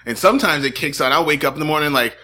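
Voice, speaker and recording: A man co-hosting a chatty podcast, his voice bright and forward. He jokes around, laughs easily and riffs on tangents in a loose, casual way. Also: a little high, racing. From New England. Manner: laughs often, animated, joking. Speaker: podcast co-host. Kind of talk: casual chat.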